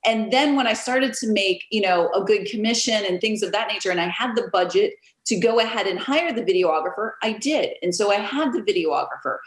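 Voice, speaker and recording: A woman realtor, a guest on an interview, telling stories in a lively casual way and acting out what others said, over a video call. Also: mid-range voice, a little fast, hardly any pauses, roomy sound, rough recording. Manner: animated, storytelling, acts out quotes.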